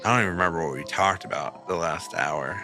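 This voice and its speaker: A man's voice: low voice, fast, over music. A man co-hosting a podcast in casual chat, loose and joking, swearing freely. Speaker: podcast co-host.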